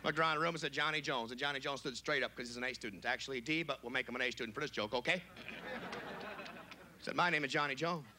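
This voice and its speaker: A man doing a brash, crude stand-up comedy routine on a club stage, shouting his punchlines in high, squeaky put-on voices. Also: fast, slight background noise. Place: club stage before a live audience.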